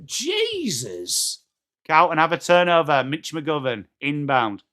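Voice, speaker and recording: A man with an English accent doing live, excitable football commentary for a watchalong, joking and swearing and shouting at big moments. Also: fairly high pitch, slow pace.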